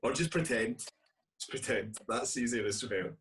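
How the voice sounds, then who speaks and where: A man's voice: medium pitch, moderate pace, fairly bright tone. A Scottish man, a guest actor, chatting casually and hesitantly in an interview, with many restarts. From Scotland. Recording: distant from the mic.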